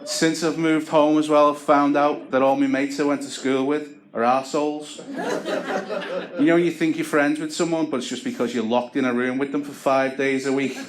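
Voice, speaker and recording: A man's voice: a little high, level tone, normal speed. A man doing a stand-up routine of dry, self-deprecating stories on a comedy club stage. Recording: echoey club with crowd laughter.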